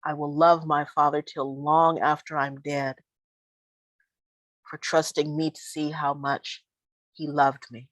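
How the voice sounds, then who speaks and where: A woman's voice: low-pitched, flat delivery, slow pace, pauses often, no echo, low-quality recording. A woman performing spoken word poetry live, with a rhythmic, emphatic delivery and weary repeated refrains.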